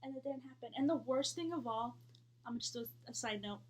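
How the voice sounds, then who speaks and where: A woman's voice: a little high, brisk, a little hiss or hum. A woman in her thirties telling a storytime vlog in a blunt, heated, profane way.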